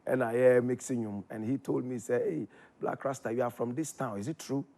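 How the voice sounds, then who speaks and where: A man with a Ghanaian accent telling his story in casual chat, animated, his voice jumping up when excited. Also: mid-range voice, a little fast, vocal fry. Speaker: guest.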